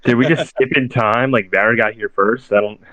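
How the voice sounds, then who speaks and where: A man's voice: mid-range voice, fairly even intonation, a little fast, sharp tone, no echo, low-quality recording. A man speaking casually as a player in a tabletop game, using "like" a lot. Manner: casual, lots of "like". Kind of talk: casual chat.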